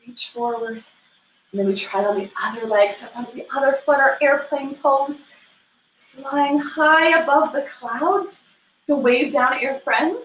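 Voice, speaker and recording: High-voiced woman leading kids' yoga. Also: measured pace, a little hiss or hum. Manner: gentle, playful step-by-step coaching for young children. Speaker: kids yoga instructor. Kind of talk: guided children's yoga class. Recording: roomy echo.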